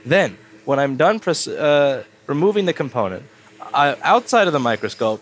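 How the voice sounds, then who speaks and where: A man's voice: fairly high pitch, very animated, a little fast. A man with a stuffy cold walking through a circuit board repair at his workbench, blunt and swearing when annoyed. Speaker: repair technician. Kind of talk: casual repair walkthrough.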